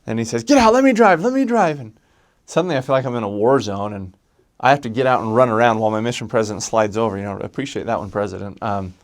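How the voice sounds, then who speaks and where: A man telling a personal story from his missionary days, lively and halting, with frequent restarts. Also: on the low side.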